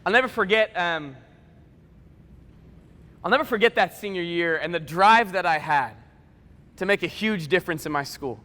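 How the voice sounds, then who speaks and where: A man in his twenties, a motivational speaker, telling stories at a school assembly in an animated, conversational way with comic asides. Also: high voice, moderate pace, pauses often. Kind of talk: school assembly keynote storytelling. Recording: echoey school hall reverb.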